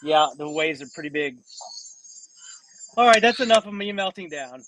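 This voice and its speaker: Man, high voice, casual podcast chat, rambling, faint cricket noise. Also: animated, moderate pace, a bit bright, rough recording. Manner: rambling, many restarts and fillers. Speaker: co-host.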